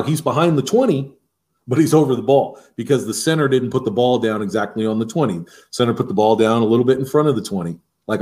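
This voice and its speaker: A man who coaches a defensive line, telling practice stories in an interview and acting out the lines he shouts at players. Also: on the low side. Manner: animated, acts out shouted quotes from practice. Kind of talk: interview storytelling.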